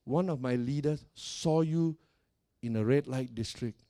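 A man voicing a concerned senior male pastor, speaking low and hushed. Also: a little slow, no room sound, clean studio sound, close to an everyday voice. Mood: grave.

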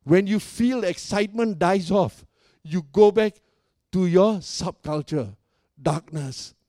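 Speaking slowly, a high-voiced male pastor delivers his sermon with excitable energy and playful jokes, often calling for the congregation's response. The recording is dry, placing his voice close with little room around it.

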